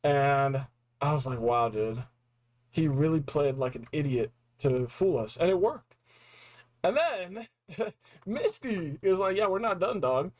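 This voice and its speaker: A young man reviewing a video game in a casual, excited recap, full of slang and acted-out reactions. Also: fairly high pitch, measured pace, rough recording. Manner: animated, slangy, acts out reactions.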